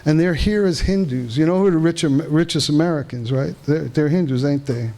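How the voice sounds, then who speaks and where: A man giving a live lecture to an audience at a conference in a hall, halting and restarting often as he asks the room questions. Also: a little high, mellow. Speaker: conference speaker. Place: veterans hall, indoors.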